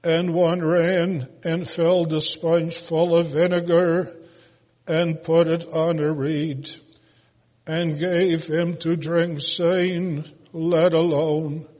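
Slow-intoning man in a reverberant hall. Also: on the high side, level tone, darkish tone. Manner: slow, intoned, almost chanted delivery with occasional filler pauses. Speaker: scripture reader. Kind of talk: solemn scripture reading.

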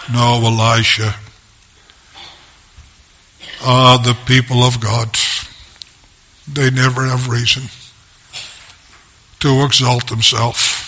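A man preaching a sermon as pastor, in slow, measured short phrases with long pauses. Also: medium pitch, little pitch movement, sharp tone.

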